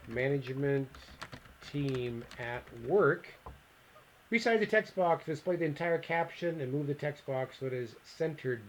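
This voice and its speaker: In a low-quality screen recording with a bit of hiss or hum, a mid-range-voiced male instructor walks through a software lesson. He reads out the steps, reasons aloud, and murmurs remarks to himself as he clicks along.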